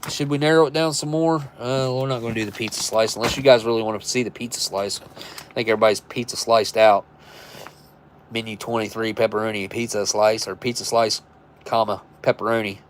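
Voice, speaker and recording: A man's voice: fairly low pitch, fairly even intonation, fairly quick, slight background noise. A man hosting a live stream, chatting casually and rambling as he thinks aloud and corrects himself. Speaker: live stream host reviewing military rations.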